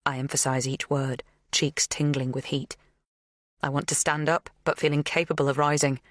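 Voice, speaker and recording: A woman narrating an audiobook thriller in a measured, even scripted delivery. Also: low-pitched, dry recording, clean studio sound.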